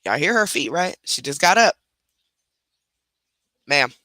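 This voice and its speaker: A woman in her thirties with a twang, hosting a casual livestream from her home. She talks in a chatty, blunt way, turning now and then to her pets and to the comments. Her voice is bright and forward, recorded close and dry with almost no room sound. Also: low-pitched, very animated, takes it slowly, no room sound. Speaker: livestream reaction host.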